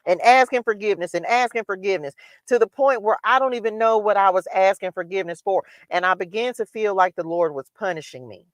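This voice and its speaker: Woman host, mid-pitched, candid and repetitive in her spiritual talk, dry sound. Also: a little fast, few pauses, no echo. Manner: candid, repetitive testimony style. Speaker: livestream host. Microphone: livestream microphone.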